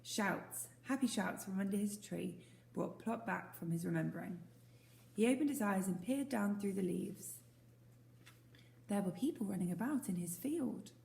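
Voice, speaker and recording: A woman teacher reading a storybook aloud, gentle and asking the listeners questions. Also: medium pitch, creaky, slight background noise. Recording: roomy echo.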